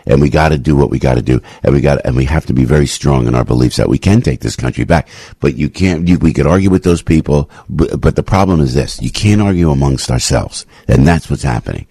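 A man hosting a talk radio show, delivering a rambling, impassioned opinion monologue full of restarts and sudden jumps in pitch. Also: quick pace, vocal fry, dark tone, slightly rough, no room sound.

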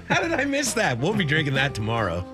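A man with a slightly high voice that leaps around runs sports radio banter in a playful, upbeat way. Music plays underneath. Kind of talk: casual studio banter.

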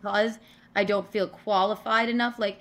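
A woman comedian, a guest on a podcast, telling a stage story in a casual, animated way with swearing and laughter. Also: medium pitch, normal speed.

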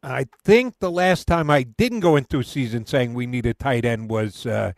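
A man's voice: mid-range voice, normal speed, vocal fry, no echo. A male sports radio host asking a guest long, conversational questions.

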